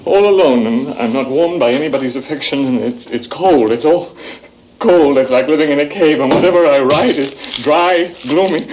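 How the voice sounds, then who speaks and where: A man's voice: on the high side, normal speed, a little mellow, a little hiss or hum, natural voice, rough recording. An actor playing a lonely, lovesick young writer in a stage play, stammering and repeating his words.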